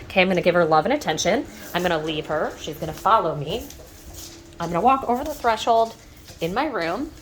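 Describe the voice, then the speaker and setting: Casting note: woman in her thirties, lowish voice, easygoing dog-training vlogger at home, rambles with fillers. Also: expressive, fairly quick, slight background noise. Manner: chatty, loose, with fillers and restarts; sweet high baby talk to the dogs. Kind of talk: casual instructional vlog. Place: in her home, walking between rooms.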